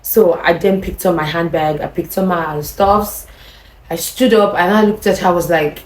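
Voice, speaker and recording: A woman's voice: fairly low pitch, moderate pace. Nigerian woman telling a story in a roomy echo. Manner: animated, addresses the viewers directly. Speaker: vlogger. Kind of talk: storytime monologue.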